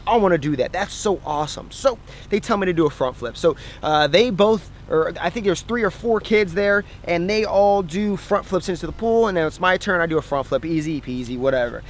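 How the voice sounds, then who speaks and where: A young fitness vlogger speaks straight to camera outdoors, telling a story in an animated, chatty way and laughing at himself. His voice is fairly high for a man, his speed normal, and faint outdoor noise runs underneath.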